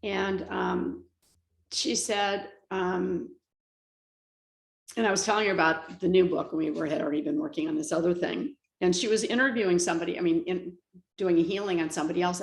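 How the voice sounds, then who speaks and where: A middle-aged woman telling personal stories in a rambling, animated way, laughing often. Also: on the low side, normal speed, gravelly. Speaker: guest. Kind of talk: casual storytelling. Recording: roomy echo.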